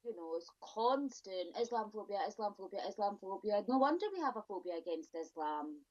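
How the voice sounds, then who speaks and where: A woman's voice: mid-range voice, expressive, darkish tone. A middle-aged woman from the UK, a podcast guest talking in a casual, outspoken and exasperated way. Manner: outspoken, exasperated, quick asides. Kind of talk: casual interview chat. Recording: dull lo-fi audio.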